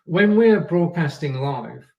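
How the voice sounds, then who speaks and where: A man's voice: fairly high pitch, expressive, slow, gravelly, a little mellow, distant mic, highs cut off. A man hosting a live show and giving coaching tips in a chatty way. He often repeats his points and checks in with his viewers. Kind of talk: coaching talk on a live stream. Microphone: camera and microphone.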